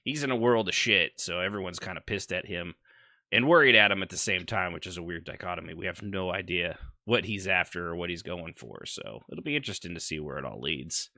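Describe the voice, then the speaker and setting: A man with a very low voice and an intensely bright, sharp edge to it chats casually as a podcast host. He rambles through a story with fillers, and the sound is close and dry. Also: brisk, creaky, no echo. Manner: rambling, recounts game events with fillers.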